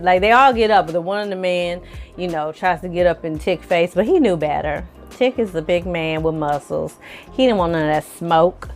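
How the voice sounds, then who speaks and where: A woman casually recapping a TV episode for viewers, telling the story in a lively, slangy and profane way. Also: mid-range voice. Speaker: film and TV reviewer.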